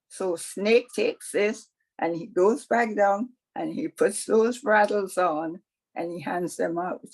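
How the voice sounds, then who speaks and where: A woman's voice: mid-range voice, slow pace, a little mellow. A woman storyteller telling a folktale in a conversational way with wry asides, over a video call.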